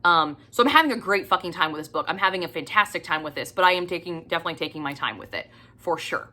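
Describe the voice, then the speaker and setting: A woman's voice: on the low side, expressive, quick pace, bright, forceful tone, a little hiss or hum. A woman book vlogger in casual chat who gushes about what she's reading, doubling words for emphasis and dropping the odd swear word. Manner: chatty, gushing, doubles her words for emphasis.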